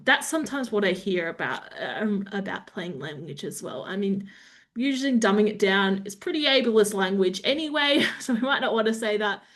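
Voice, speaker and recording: An Australian woman presenting a webinar talk, explaining steadily with frequent pauses and small touches of humour. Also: medium pitch. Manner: explanatory, lightly humorous, with frequent "um".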